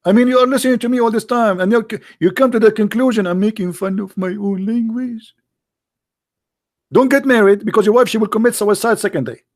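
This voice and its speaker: A man's voice: high-pitched, fast, few pauses. A man hosting a livestream in sarcastic, mocking commentary, firing rhetorical questions in non-native English. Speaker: livestream host taking calls. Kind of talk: mocking religious debate commentary.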